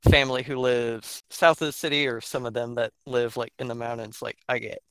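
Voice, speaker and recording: A man's voice: mid-range voice, a little fast, clean tone, no echo. Young Atlanta-accented man, blunt and profane, dry close sound, casual podcast talk. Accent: Atlanta Southern US. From Georgia, US. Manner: blunt, profane, animated storytelling. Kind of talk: casual political chat.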